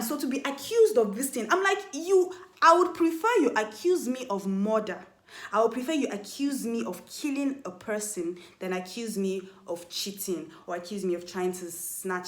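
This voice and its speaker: A young woman telling a casual storytime vlog, animated, acting out quoted lines in a higher voice. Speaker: vlogger. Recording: echoey room.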